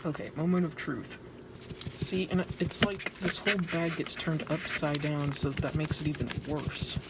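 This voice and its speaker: A woman narrating her own craft project in a casual vlog, anxious, dramatic and joking at her own expense. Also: sits low. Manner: anxious, dramatic, self-mocking. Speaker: vlogger. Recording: noisy home recording.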